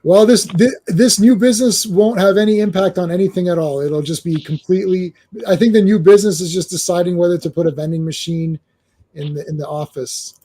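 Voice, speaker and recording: A man hosting a casual comic book discussion, animated, with stammering restarts and acted-out quotes. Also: high voice, fairly quick. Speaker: comic book show host.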